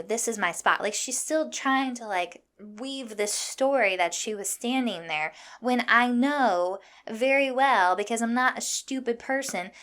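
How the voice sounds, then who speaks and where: A young woman from Iowa hosting a podcast, telling a story in a fired-up, profane, animated way. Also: fairly high pitch. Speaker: podcast host. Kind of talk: casual storytelling monologue.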